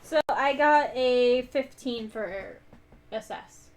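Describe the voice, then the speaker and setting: High-voiced, slow-talking woman player. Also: a crowd in the background. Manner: hesitant, thinks aloud with fillers. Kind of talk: playing a tabletop game.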